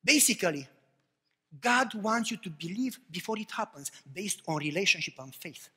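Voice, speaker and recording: A man preaching a passionate sermon, swinging between loud cries and hushed, low remarks. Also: lively intonation, normal speed, slightly rough, big-room sound. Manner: impassioned preaching, swings from shouts to hushed tones.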